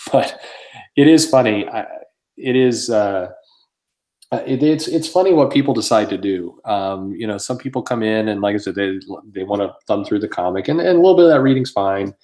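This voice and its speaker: A man's voice: on the low side, darkish tone, reverberant. A man who owns a comic shop, chatting casually and telling rambling stories with plenty of swearing and laughter. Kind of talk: casual podcast chat.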